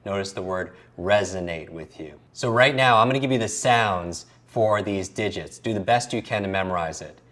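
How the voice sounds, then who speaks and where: A man's voice: low-pitched, moderate pace, few pauses, fairly bright tone. A man teaching a recorded memory lesson as a coach, drilling letter sounds aloud and asking the listener to say them along with him.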